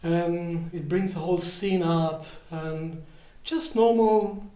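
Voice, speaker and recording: High-voiced man telling stories in an echoey room. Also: slow pace. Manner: animated, acts out dialogue with big swings in loudness. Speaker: workshop leader. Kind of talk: storytelling seminar talk. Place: seminar room at a retreat house.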